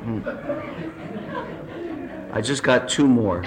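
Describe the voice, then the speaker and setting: A man's voice: mid-range voice, slow pace, a loud crowd, heavy background noise. A man telling a string of jokes to a recovery group, chuckling through his punchlines. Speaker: speaker at a recovery meeting. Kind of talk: stand-up joke telling.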